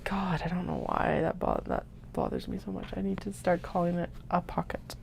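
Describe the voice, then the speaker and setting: A woman hosting a craft livestream, chatting casually and muttering soft half-whispered asides to herself while she cuts fabric. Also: on the low side, fairly even intonation, fairly quick, gravelly, noisy background.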